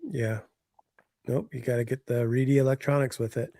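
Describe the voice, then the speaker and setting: A man's voice: mid-range voice, fairly even intonation, normal speed, dark tone, no room sound. Co-host, male, chatty and trailing, mid-range voice, dry close mic. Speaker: co-host of a hobby talk stream. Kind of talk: casual chat.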